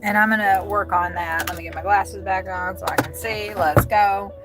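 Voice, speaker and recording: A woman's voice: mid-range voice, level tone, normal speed, very noisy. A woman chatting and rambling to her livestream viewers from her car while driving deliveries, swearing and thinking aloud. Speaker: delivery driver vlogger. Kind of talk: casual livestream chat. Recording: music loud behind voice.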